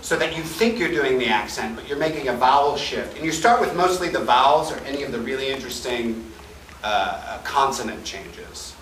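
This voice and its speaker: This Chicago man speaks in a mid-range voice at a moderate pace while he teaches a convention voice-acting panel, animated and playful as he shows off sounds and answers the crowd. A fan camera far away in the big room records it with hall echo and a little hiss or hum.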